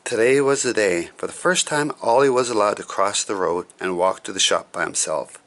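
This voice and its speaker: A man reading a children's picture book aloud, relaxed and adding chatty asides. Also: lowish voice, normal speed, slight background noise.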